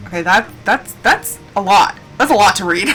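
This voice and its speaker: A woman's voice: medium pitch, lively intonation, normal speed, a bit bright. A woman streaming a video game live, talking to herself as she plays, pleading with the game and cheering herself on. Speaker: gaming streamer. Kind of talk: live gameplay commentary. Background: game music.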